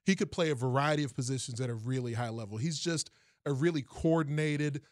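A man's voice: mid-range voice, brisk, no echo, clean studio sound. A man in casual sports talk, analyzing a football prospect in detail and often repeating words as he starts a thought.

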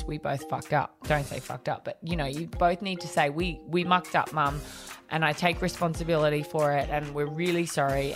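A middle-aged woman, chatting casually and acting out dialogue as she tells a story. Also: low voice. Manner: animated storyteller, acts out dialogue. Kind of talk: casual chat.

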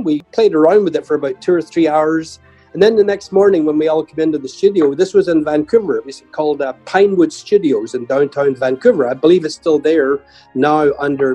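An older man, a guest musician, telling humorous stories in a chatty, lively way. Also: fairly high pitch, husky, poor audio. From Ireland. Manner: chatty, humorous anecdotes with lively voiced quotes. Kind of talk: conversational storytelling.

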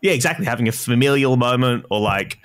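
A man's voice: mid-range voice, expressive, quick pace, fairly bright tone. A man, a comedian hosting a podcast, telling a rambling casual story full of fillers and swearing.

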